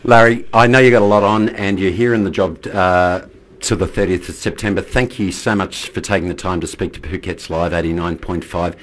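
Deep aussie radio host, polished and formal on air. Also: male voice, steady tone, a little fast, slight background noise. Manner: formal broadcaster delivery. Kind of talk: live radio interview.

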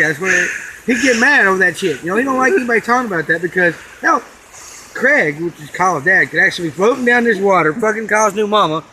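Guy with a really high voice, cursing rant in a park, lots of noise. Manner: crude, cursing, mocking. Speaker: vlog host. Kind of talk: casual comic rant. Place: outdoors in a city park. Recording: noisy outdoor recording.

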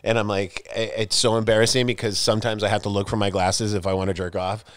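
A man's voice: fairly low pitch, little pitch movement, quick pace, no echo. A middle-aged man hosting a podcast in casual chat, joking and running through stand-up bits. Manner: joking, telling stand-up bits with acted-out quotes. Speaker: podcast host.

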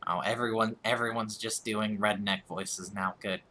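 A man's voice: on the low side, steady tone, moderate pace, sharp tone, slight background noise. A man with a rural American accent, chatting casually and self-deprecatingly with his audience as he streams a game, often restarting his words. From United States. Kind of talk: casual chat while gaming.

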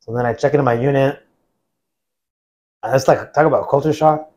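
At a fairly quick pace and medium pitch, a military veteran from the United States in his forties shares his story as a guest. He's relaxed and rambling, relying on "like" as filler and performing others' quotes.

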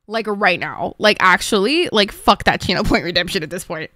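A woman's voice: mid-range voice, moderate pace, sharp tone, dry recording, clean studio sound. A woman streamer chatting to her viewers, flustered and swearing often. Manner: flustered, swearing, talks to chat. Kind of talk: casual live-stream chat.

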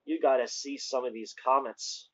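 A man preaching on a lo-fi recording that sounds dull and muffled. His voice sits at an ordinary pitch and stays fairly flat, and he moves between casual joking asides and fervent calls of praise. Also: normal speed, slightly rough. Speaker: online preacher. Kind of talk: casual preaching with scripture reading.

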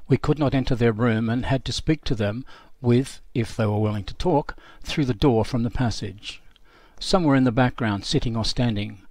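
A man's voice: mid-range voice, a little mellow, no room sound. Sober male documentary narrator. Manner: measured, sober first-person reading. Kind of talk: scripted narration of a memoir.

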